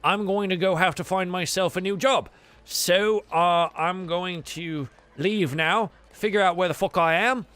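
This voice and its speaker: A man's voice: high-pitched, unhurried, fairly bright tone. A man voicing a surly, stubborn male sailor who grumbles and swears. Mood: grumbling.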